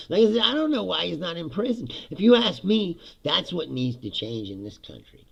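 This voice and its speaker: Male podcast host, gravelly and animated, profane, laughs a lot. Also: fairly high pitch, a little fast, dull audio. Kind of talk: casual political rant. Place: home basement studio.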